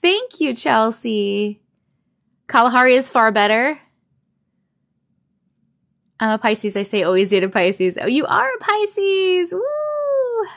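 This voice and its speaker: Upbeat woman host, thirties, bright high voice, reads chat comments on a desk mic. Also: a little slow, long pauses. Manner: bubbly, greets viewers by name, reads comments aloud. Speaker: live-stream host. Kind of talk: casual live-stream chat. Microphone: desk condenser mic.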